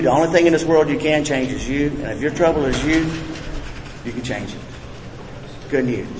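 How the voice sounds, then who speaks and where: A man's voice: a little high, fairly bright tone, slight background noise. A man giving a recovery talk, blunt and folksy, telling jokes with profane humor. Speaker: recovery meeting speaker. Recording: echoey hall with reverb, faint ambience.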